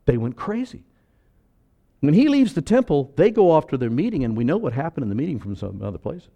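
A man preaching a sermon as pastor, animated and acting out voices, moving between loud and soft. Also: a little high, fairly quick, dull audio.

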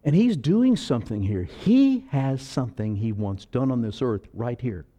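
A man preaching a sermon as pastor, animated and acting out voices, moving between loud and soft. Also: mid-range voice, normal speed.

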